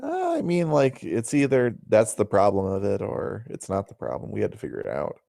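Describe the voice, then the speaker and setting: A man's voice: lowish voice, big pitch swings, fairly quick, creaky, dark tone, dry recording. A man playing his character in a tabletop game, casual and joking, often hesitating for words. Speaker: player. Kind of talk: in-character tabletop role-play.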